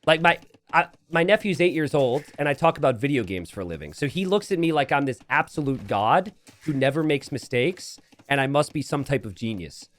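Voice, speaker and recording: A man's voice: fairly high pitch, expressive, a little fast, fairly bright tone. A man streaming live game commentary from his home setup, rambling into self-deprecating jokes and asides. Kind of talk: live game commentary mixed with casual chat.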